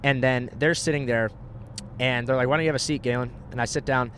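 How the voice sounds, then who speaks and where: A man's voice: medium pitch, steady tone, fast talker, fairly bright tone, slight background noise. A young man casually telling a story on a podcast, acting out the people he quotes and swearing freely.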